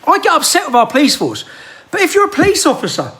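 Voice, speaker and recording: A man's voice: extremely high pitch, wildly swooping pitch, fast, a bit bright. A man, delivering a heated rant full of rhetorical questions into a handheld phone. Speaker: political commentator. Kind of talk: impassioned monologue to camera.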